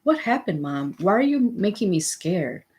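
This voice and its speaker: A woman's voice: on the low side, sing-song, moderate pace, darkish tone, breathy edge. A woman reading the lines of a scared ten-year-old girl, asking anxious questions in a plain way.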